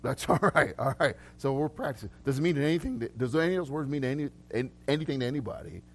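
A man's voice: medium pitch, fast talker, slight background noise. Chatty laughing preacher man. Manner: chatty, laughs often, stumbles and restarts. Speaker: pastor. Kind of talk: casual live sermon with prophetic words. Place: church hall with congregation.

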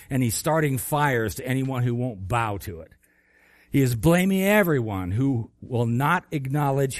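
Man preaching an animated sermon, dry sound. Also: no echo. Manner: animated storytelling with swings between loud bursts and quiet low lines. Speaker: pastor.

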